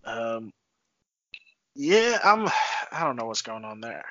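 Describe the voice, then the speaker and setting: A man co-hosting a casual podcast, steering topics with animated, halting talk. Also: medium pitch, no echo. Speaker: podcast co-host. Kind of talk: casual chat. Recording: dull lo-fi sound.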